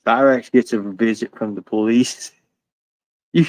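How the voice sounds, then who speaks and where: A man's voice: medium pitch, fairly even intonation, measured pace, a little mellow, no echo. A middle-aged man giving casual reaction commentary, rambling, laughing often and swearing. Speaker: streamer reacting to a video. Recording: dull, dry sound.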